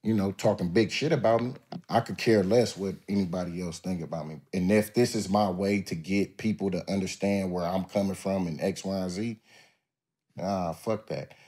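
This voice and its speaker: A man's voice: low voice, steady tone, moderate pace, dark tone. A man as a podcast guest telling stories in a laid-back, drawling, profane way, often acting out what others said. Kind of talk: casual interview storytelling.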